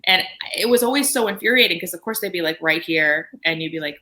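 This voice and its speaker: A woman speaking on a panel, telling animated stories about her security work. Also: fairly low pitch, brisk, few pauses. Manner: animated storytelling, quoting herself and others. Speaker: guest panelist. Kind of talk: panel discussion.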